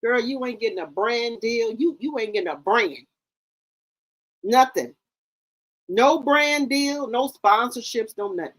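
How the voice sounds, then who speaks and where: A woman's voice: fairly high pitch, expressive, a little slow, pauses often, fairly bright tone, poor audio. A woman hosting a commentary channel, reacting to a clip in a scolding, exasperated, mocking way.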